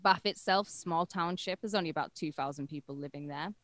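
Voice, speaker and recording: A woman's voice: low voice, a little fast, a bit bright, no echo. A woman co-hosting a podcast, telling a true-crime story in a casual, irreverent way with crude jokes along the way. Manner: irreverent and crude, joking between facts.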